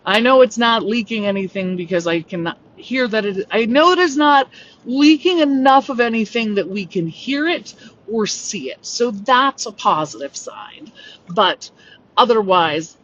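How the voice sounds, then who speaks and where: Her voice fairly high and a little slow, a podcast host rambles through a casual story monologue, animated and leaning heavily on "like." She's recording at home on a rural homestead. The sound is distant, dull and lo-fi, with faint noise.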